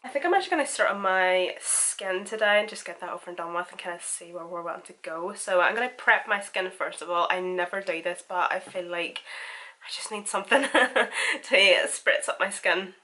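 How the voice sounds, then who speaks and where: A woman's voice: lowish voice, expressive, brisk, sharp tone, low-quality recording. A woman in her twenties with a sick, nasal voice, chatting and laughing often through a makeup tutorial. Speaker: makeup vlogger. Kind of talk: casual makeup tutorial chat.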